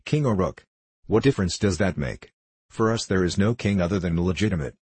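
A man's voice: low voice, lively intonation, brisk, slightly rough, dry recording. A man playing a blustering angry friar. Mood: indignant. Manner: blustering, sarcastic, shouting. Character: angry blustering middle-aged male friar.

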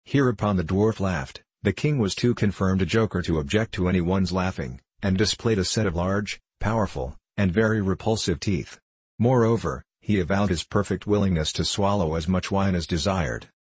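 Man reading an old story out loud, low husky voice, really dry close sound. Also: no room sound. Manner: measured, steady storytelling. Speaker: narrator. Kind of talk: audiobook reading.

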